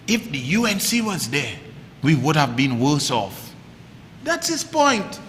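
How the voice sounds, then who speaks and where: A man's voice: fairly high pitch, big pitch swings, measured pace, fairly bright tone, in a large hall, a little hiss or hum. A man with a Trinidadian accent hosting heated political commentary, firing off mocking rhetorical questions in dialect.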